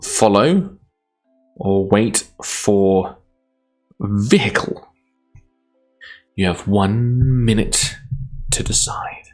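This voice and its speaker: A man's voice: fairly low pitch, very slow, pauses often, darkish tone, faint music behind. A Scottish man streaming live, reading a gamebook aloud in a chatty, self-deprecating way, laughing often.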